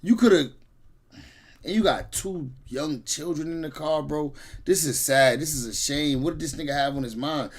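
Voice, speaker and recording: Male reaction host, slangy and blunt, slightly high voice. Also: moderate pace. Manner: animated, blunt, slangy, jumps between outbursts and low mutters. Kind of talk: casual reaction commentary.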